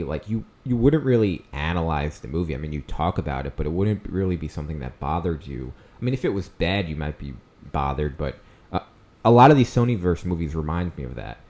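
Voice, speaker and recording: A man's voice: deep voice, dark tone. A man in his thirties hosting a casual movie review, talking off the cuff with fillers and restarts and pushing up on words he stresses. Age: 30s. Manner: conversational, frequent fillers and restarts, emphatic rises on key words.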